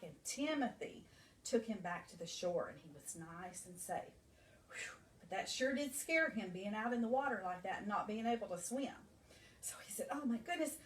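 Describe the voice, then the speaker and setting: Animated woman reading to small children. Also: mid-range voice. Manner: animated, asks the children questions. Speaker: nursery school teacher. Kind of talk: reading a storybook to young children. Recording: echoey room, mic far off.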